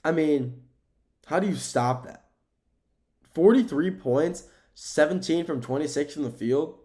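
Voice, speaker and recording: A young American man hosting a sports podcast alone. He rambles in casual chat, repeats himself and uses a lot of fillers, and he gets excited when he talks about the games. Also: a little high, measured pace. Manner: grows excited when talking about the game. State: sleepy, keeps yawning. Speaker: podcast host.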